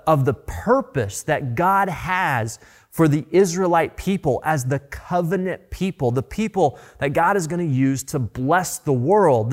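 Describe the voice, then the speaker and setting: Man preaching, fairly high voice, earnest, repeats words as he builds a point. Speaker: pastor. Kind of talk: sermon.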